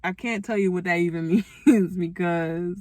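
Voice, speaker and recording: A woman giving a casual, animated recap of a TV episode, chatty and exclamatory, with asides to her viewers. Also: on the low side, normal speed, dry recording. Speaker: TV recap vlogger.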